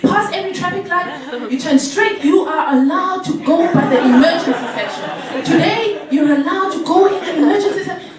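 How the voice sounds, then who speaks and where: A woman's voice: very high voice, fairly quick, crowd noise. A woman doing an insistent policeman barking directions. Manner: insistent, repeating commands. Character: startled male policeman giving urgent directions. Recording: echoey hall, mic far off.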